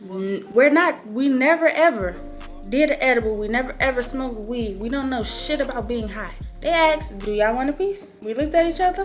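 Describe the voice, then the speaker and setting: Young woman in her twenties, high and lively delivery, casual slangy storytime vlogger, music bed underneath. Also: normal speed. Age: early 20s. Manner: animated, slangy and profane.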